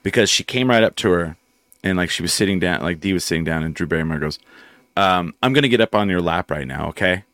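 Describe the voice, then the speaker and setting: A very low-voiced man hosts a casual talk show. He tells stories with gusto and jumps into the voices of the people he quotes. The sound is close and dry. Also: fast talker, no echo. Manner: animated storyteller, acts out quotes. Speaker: radio show host. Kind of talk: casual chat.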